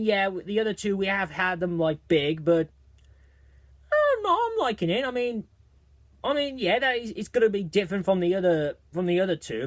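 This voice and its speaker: A man with a fairly high voice talks through a movie trailer in a casual video review. He gets excited and rambles, circling back and restarting his sentences. The sound is close and dry, with no room around it. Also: no echo.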